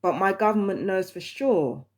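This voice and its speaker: A woman's voice: medium pitch, moderate pace. A woman, ranting heatedly and with lots of swearing in a casual vlog monologue. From London, England. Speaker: vlogger.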